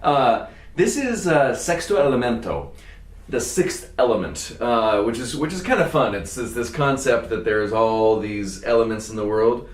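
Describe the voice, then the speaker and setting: A man's voice: mid-range voice, lively intonation, moderate pace. A man hosting a wine tasting show, chatting casually in a jokey, rambling way with plenty of fillers. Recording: roomy sound from a distance.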